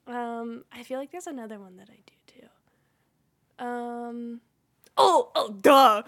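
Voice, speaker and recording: A woman's voice: fairly high pitch, measured pace, a bit bright. Giggly young woman podcast host. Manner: giggly, self-deprecating, many fillers. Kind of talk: casual chat.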